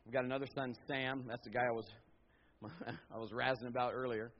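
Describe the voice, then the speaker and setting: A middle-aged man preaching a sermon as pastor, swinging from loud emphatic bursts to low, quiet stretches. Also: flat delivery, a little fast. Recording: slightly dull lo-fi sound.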